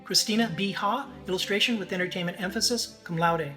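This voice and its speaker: High, bright-voiced man giving a commencement address. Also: a little fast, faint music behind. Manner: formal, reading out graduate names and honors. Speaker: illustration faculty member.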